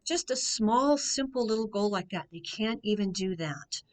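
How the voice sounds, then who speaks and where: Telling a story on air, this American woman, a financial coach, keeps her pace measured and echoes key phrases to stress them. Her mid-range voice moves with lively intonation.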